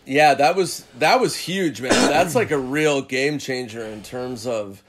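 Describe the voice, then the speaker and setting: A man's voice: mid-range voice, unhurried. A comedian guest chatting casually on a podcast, laid-back and swearing often, sometimes doing funny voices for people in his stories. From Minnesota.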